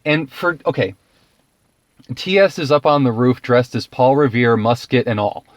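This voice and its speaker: A man's voice: mid-range voice, expressive, normal speed, no room sound. Dry-sounding exasperated male film reviewer. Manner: exasperated, profane, laughs often. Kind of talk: casual ranting film review.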